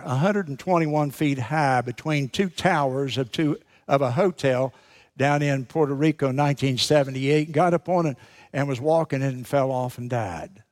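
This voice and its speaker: A male pastor preaching a sermon with emphatic, dramatic pauses, repeating key phrases for effect. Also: on the high side.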